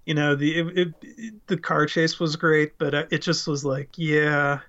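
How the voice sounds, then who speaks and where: A man co-hosting a casual movie chat, wandering off on self-aware tangents. His voice is bright and somewhat high. The recording sounds dull and lo-fi. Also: fairly even intonation, unhurried. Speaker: podcast co-host.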